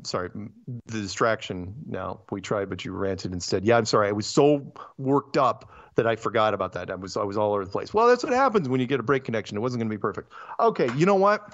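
Man, podcast host, animated rants, dry close sound, dull lo-fi audio. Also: on the low side, no echo. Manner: animated, ranting, quick asides and restarts. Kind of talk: casual chat.

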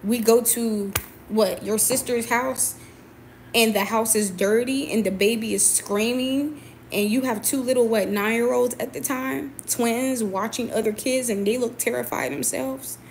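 Young woman venting at the camera, kinda high voice, hammering the same points over and over. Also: fairly even intonation, a little slow, gravelly, a little hiss or hum. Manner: confrontational, emphatic, repeats phrases. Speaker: boxer speaking to camera. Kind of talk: personal venting monologue.

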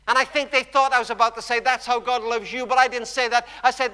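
High bright-voiced preacher in a reverberant church. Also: male voice, level tone, quick pace, few pauses, smooth. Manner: storytelling, emphatic, drops to hushed tones. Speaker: guest preacher. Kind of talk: sermon. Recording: long church hall reverb.

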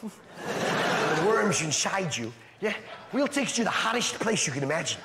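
A man's voice: high voice, sing-song, moderate pace. A man putting on a mock Dutch accent, playing a laddish Dutchman who makes hell sound like a stag party in a stand-up bit. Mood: suggestive. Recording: roomy club, loud crowd noise.

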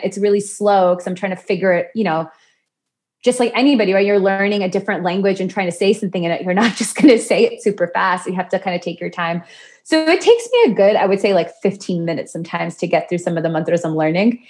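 Talking fast in a medium-pitched, darkish voice, the podcast guest discusses her chanting practice in a conversational interview. As a yoga and mantra teacher, she keeps it chatty, laughs often, and acts out quoted voices.

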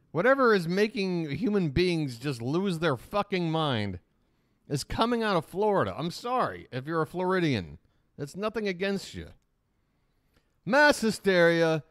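A man's voice: high-pitched, no echo, studio quality. A man hosting a live reaction stream, rambling in casual, profane commentary.

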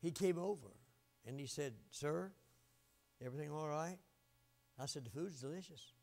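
An older man preaching a fiery revival sermon, swinging from shouts down to quiet, low asides. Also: normal speed, gravelly.

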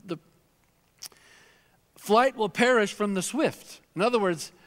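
Earnest high-voiced pastor in a reverberant church. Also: male voice, takes it slowly. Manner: earnest, emphatic, repeats phrases, acts out prayers and scripture quotes. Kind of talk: sermon. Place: large church sanctuary.

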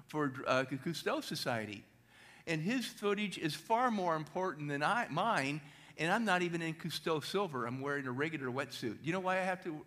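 Man, motivational speaker, high-energy storytelling, slightly high voice, quizzes the audience. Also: a bit bright. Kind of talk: storytelling talk to a church audience.

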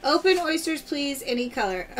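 Bright and high, with a faint hiss or hum underneath, this woman's voice runs a live-stream pearl sale. She cracks open oysters and cheerfully announces prizes and pearl sizes to her viewers in an upbeat, chatty selling style.

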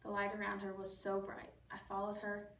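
A woman reciting a first-person poem as a student, in a calm, measured storytelling delivery. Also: medium pitch. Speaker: student reader. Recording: echoey room from far off, faint background noise.

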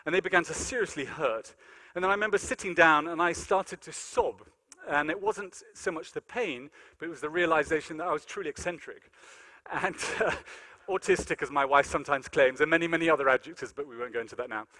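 A man giving a lecture in a large conference hall, telling animated, self-deprecating stories. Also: on the high side, a little fast. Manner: animated, self-deprecating anecdotes, many fillers. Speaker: keynote lecturer. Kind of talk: storytelling lecture with acted-out dialogue.

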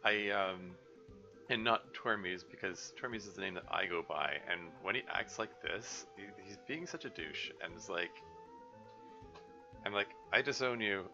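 A man commentating on a game with wry, sarcastic asides, often pausing on fillers. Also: low-pitched, gravelly, over music. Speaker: let's play host. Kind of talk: gameplay commentary. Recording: dull lo-fi recording.

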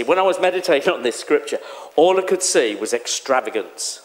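A man preaching a sermon in a church, animated and exclamatory, acting out the voices he quotes. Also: fairly high pitch, brisk. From England. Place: church hall.

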